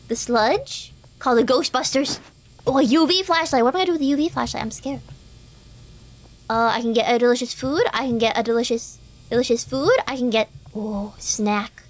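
A woman streaming a driving game, chatting to herself in an excitable, talkative way as she plays. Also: fairly high pitch. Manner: chatty, excitable, talks to herself while playing. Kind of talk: live game commentary.

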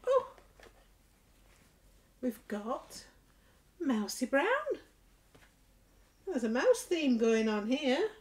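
A woman leading a nursery rhyme session for little children, gentle and encouraging with a sing-song way of talking. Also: sits high, sing-song, extremely slow, pauses often. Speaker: toddler group leader.

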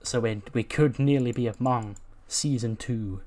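A man's voice: medium pitch, unhurried, a little mellow. A man casually commenting on a wrestling management game, chatty and joking. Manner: chatty, laughs at his own jokes.

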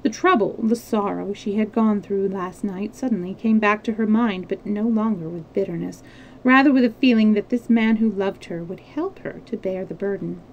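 A woman storyteller reading a classic novel aloud on a live stream, expressive, with small slips and restarts. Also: mid-range voice, normal speed, muffled recording, a little hiss or hum.

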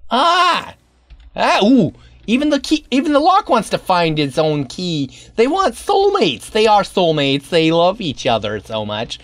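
A man playing a horror maze game, excitably chattering to the game's keys and locks with silly banter and sudden yelps. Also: high-pitched, a little slow, no room sound. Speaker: let's play gamer. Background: game music.

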